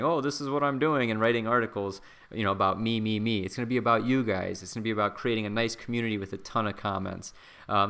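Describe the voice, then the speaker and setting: Speaking in a clean tone on the low side, a man hosts a laid-back stock-market livestream from his home. His talk is full of fillers and frequent asides to the people watching.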